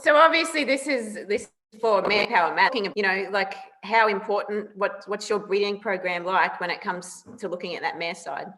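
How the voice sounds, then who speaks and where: A woman's voice: mid-range voice, moderate pace, hardly any pauses, a bit bright, poor audio. A woman interviewing a horse breeder, asking questions and giving short affirming replies. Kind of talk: casual interview.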